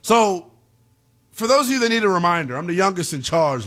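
A man hosting a call-in sports radio show, talking in a brash, slangy, animated way. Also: on the high side, fairly quick.

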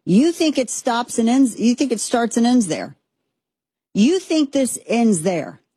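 Husky lower-voiced woman ranting on her commentary show, dry close sound, fired up, keeps restarting. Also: sing-song, measured pace, warm tone, dry recording. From United States. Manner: emphatic, impassioned, rambling with restarts. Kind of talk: opinionated political commentary.

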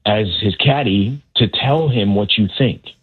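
A man voicing the steady angel on his other shoulder, speaking lower and slower over a tinny phone line. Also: breathy edge. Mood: earnest. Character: calm reasoning shoulder angel, male.

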